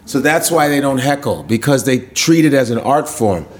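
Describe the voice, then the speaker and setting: A standup comedian, chatting casually on a podcast, animated and profane, acting out hecklers. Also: male voice, mid-range voice, moderate pace. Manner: animated, profane, acts out hecklers in funny voices.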